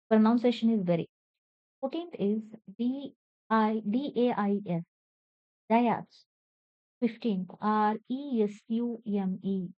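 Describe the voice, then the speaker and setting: Woman, Indian English accent, pronunciation teacher, spells words letter by letter, unhurried, dull dry lo-fi sound. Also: a little high, no echo. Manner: spells words out letter by letter, then repeats them carefully. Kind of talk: pronunciation lesson. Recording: slightly dull, dry lo-fi recording.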